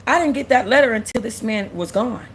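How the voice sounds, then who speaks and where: There's slight background noise as a young woman with a rather high voice talks briskly on her casual livestream. She's candid and close to tears, repeating herself while reading out and answering what viewers write.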